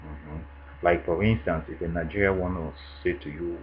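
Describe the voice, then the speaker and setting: A man with a Cameroonian English accent, casually answering questions in a vlog, relaxed and chatty with frequent fillers. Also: deep voice, moderate pace, narrow, tinny audio, a little hiss or hum. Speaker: vlogger answering a tag. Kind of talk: casual monologue.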